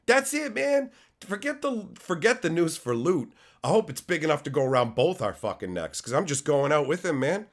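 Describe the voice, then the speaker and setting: Middle-aged male streamer, sick and hoarse, profane, animated roast delivery, sits a bit high. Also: moderate pace. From Canada. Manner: loud profane mock-insulting of chat. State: sick, losing his voice. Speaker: card-opening streamer. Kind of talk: live stream banter with chat.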